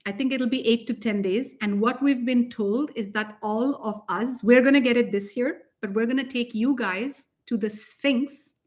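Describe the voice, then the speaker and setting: A woman with a fairly high voice talks in an excited, gushing way, laughing often as she co-hosts a casual spiritual chat. Her energy runs high, and her voice sometimes drifts a little farther from the mic. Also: moderate pace, hardly any pauses. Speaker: spiritual teacher and co-host.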